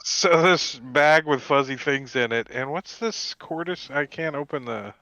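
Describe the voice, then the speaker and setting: A man's voice: fairly high pitch, a little slow, sharp tone, no room sound, highs cut off. A man playing a tabletop game, joking and wry in casual chat. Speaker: player.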